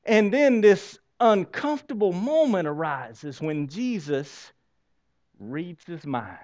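A man preaching a sermon as pastor, swinging from loud exclamations to hushed, drawn-out lines. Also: high voice, animated, muffled recording.

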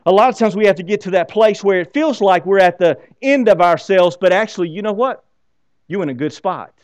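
A male pastor preaching a sermon in an animated way, often asking the congregation questions. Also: high-pitched, a little fast, no room sound.

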